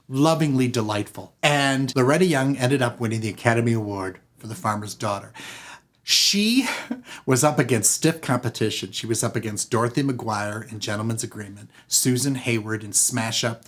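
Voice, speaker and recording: An older man casually reviewing a classic film, animated and laughing as he acts out scenes. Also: mid-range voice.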